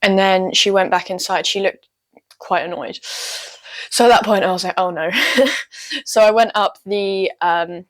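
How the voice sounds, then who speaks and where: A woman's voice: mid-range voice, steady tone, normal speed. A young woman casually recounting her first dressage test, chatty and self-deprecating, with many ums and likes. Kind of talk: casual storytelling vlog.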